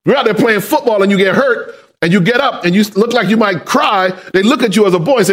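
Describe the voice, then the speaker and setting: A man pastor preaching a sermon, asking the congregation questions and building up to shouted emphasis. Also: high voice, fast. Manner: call-and-response questions to the congregation.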